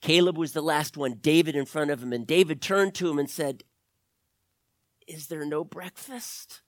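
A man's voice: a little high, fairly quick, dry recording. A man telling an adventure story expressively, sometimes dropping to a whisper.

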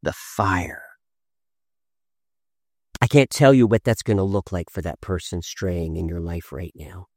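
A man, a father in his thirties, preaching a sermon, swinging from loud emphasis to hushed tones. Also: low voice, expressive, measured pace, long pauses, dry recording, studio quality. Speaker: pastor.

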